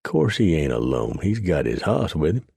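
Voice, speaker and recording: A man voicing a blunt, rough-talking old mountain man trapper in a western audiobook. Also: very deep voice, sing-song, normal speed, a little mellow, no room sound, clean studio sound, heavily acted. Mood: impatient. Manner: rough backwoods dialect.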